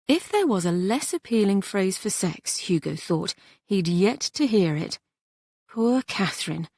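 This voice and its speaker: A woman narrating a historical romance audiobook in an even, measured storytelling style. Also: medium pitch, slightly rough, no echo, studio quality.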